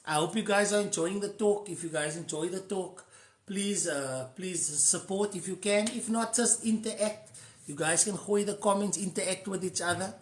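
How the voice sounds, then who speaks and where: A man with a South African accent talks earnestly to his live-stream viewers and drops Afrikaans phrases into his advice. His voice has a bright, forward edge. The echo of a hard room rings around him. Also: sits high. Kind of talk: casual advice talk to a live audience.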